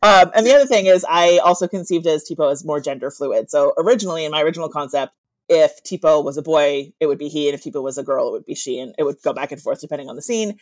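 A woman author telling a story in casual chat, with a slight lisp on her z sounds and lively asides. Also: low-pitched, dry recording. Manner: animated storyteller, quick asides.

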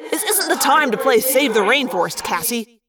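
A woman's voice: high voice, big pitch swings, moderate pace, far from the mic, very noisy, voice pushed up. A woman doing a snappy, sarcastic teen boy. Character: sarcastic wisecracking teenage boy. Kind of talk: storybook read-aloud.

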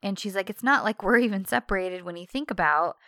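A woman's voice: medium pitch, a little fast, dry recording, studio quality. A woman in casual chat, recapping a TV series, laughing often and acting out the characters' lines. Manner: giggly, acts out characters' lines in animated bursts. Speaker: podcast co-host recapping a TV series.

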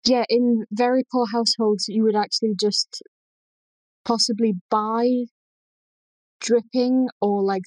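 A woman's voice: on the high side, a little mellow, no echo, low-quality recording. A woman with a Lancashire accent explaining food history in a casual chat, thoughtful and full of ums. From Lancashire, England.

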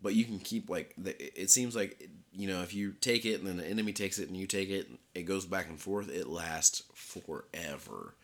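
A man's voice: deep voice, moderate pace, hardly any pauses. A man co-hosting a podcast, rambling casually about games and laughing often. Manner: rambling, laughs often, reads labels aloud loudly. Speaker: podcast co-host. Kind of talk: casual chat.

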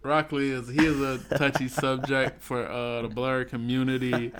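A man's voice: medium pitch, flat delivery, normal speed, fairly bright tone, a little hiss or hum. A man co-hosting a casual chat, easygoing and often leaning on "you know". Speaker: podcast co-host.

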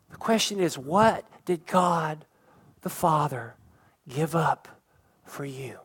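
A man's voice: on the high side, slow pace, long pauses, slightly rough. A man preaching a sermon as pastor, building intensity toward emphatic points.

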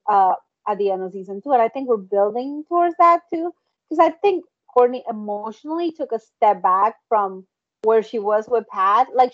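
A woman's voice: on the high side, no echo. Woman on dull, dry call audio. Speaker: podcast co-host. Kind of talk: casual chat.

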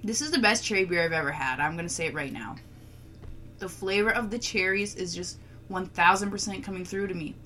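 A woman co-hosting a casual chat, playful and quick to laugh, swearing freely while tasting a beer. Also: on the low side, pushed and bright, a little hiss or hum.

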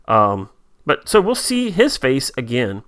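A man's voice: medium pitch, huge pitch swings, a little slow, fairly bright tone. A man co-hosting a podcast in casual chat, playful and rambling as he riffs. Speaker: podcast co-host.

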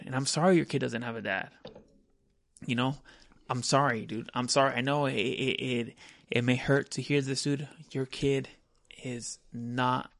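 A man's voice: medium pitch, creaky, dry recording, studio quality. A man in casual podcast chat, blunt and profane, ending almost every phrase with "dude".

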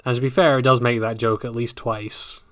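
A man's voice: medium pitch, little pitch movement, normal speed, fairly bright tone, no echo. Dry, sardonic man with an English accent. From England. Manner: dry, sardonic, swears freely. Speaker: podcast co-host. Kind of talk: casual book discussion chat.

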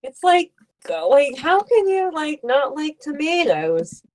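A woman's voice: high voice, sing-song, darkish tone. A woman co-hosting a podcast, chatting casually about an anime with lots of fillers. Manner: laid-back, drawn-out remarks full of fillers. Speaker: podcast co-host. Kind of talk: casual recap chat.

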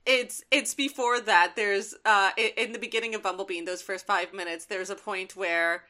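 A woman with a bright, sharp voice co-hosting a casual podcast. She talks like an eager fan, full of "um" and "like.". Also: medium pitch, fairly even intonation, moderate pace. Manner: enthusiastic, filler-heavy fan talk. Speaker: podcast co-host. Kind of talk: casual chat.

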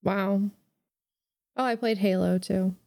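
A woman's voice: mid-range voice, fairly even intonation, slow pace, creaky, dark tone, dry recording, studio quality. A woman co-hosting a podcast in casual chat, bubbly and playfully teasing, laughing often. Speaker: podcast co-host.

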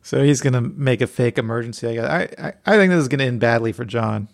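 A man with a mid-pitched, strongly gravelly voice co-hosts a loose podcast chat. He jokes in a deadpan way and often stammers and restarts his sentences. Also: fast talker. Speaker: podcast co-host. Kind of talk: casual chat.

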